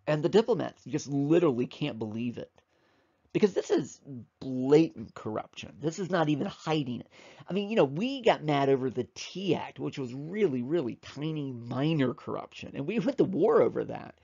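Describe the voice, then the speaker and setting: A man's voice: on the high side, lively intonation, moderate pace, vocal fry, dark tone, husky, dull audio. A man giving an informal history lecture, talking conversationally and emphatically with frequent fillers and repeats.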